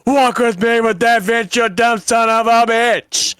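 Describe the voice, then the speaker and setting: A man impersonating a brash, combative male wrestler, loud and taunting, calling people "son". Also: very high-pitched, steady tone, a little slow, clear, resonant tone, dry recording, clean studio sound, faint music behind.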